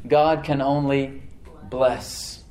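A male pastor preaching a sermon in church, animated, slowing down to stress words and acting out the voices he quotes. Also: medium pitch, slight background noise. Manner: animated preaching, slows for emphasis, acts out quoted voices and laughs.

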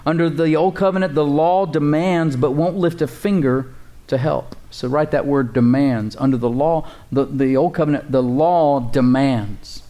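A man preaches from the pulpit in a voice pitched a little high. He calls out to the congregation and draws out key phrases slowly for emphasis. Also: darkish tone. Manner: call-and-response, repeating key phrases slowly. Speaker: pastor. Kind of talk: sermon.

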